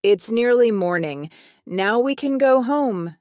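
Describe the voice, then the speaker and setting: A woman voices a clever, bossy goat who sounds relieved, pitching her voice a little high, above her own natural range. The delivery is animated yet slow and a little mellow, in clean studio sound with no room sound.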